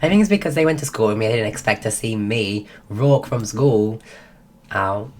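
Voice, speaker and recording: A woman hosting a livestream, telling a story casually and breaking off to greet viewers, acting out quotes in a higher voice. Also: animated, normal speed, slight background noise. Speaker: livestream host.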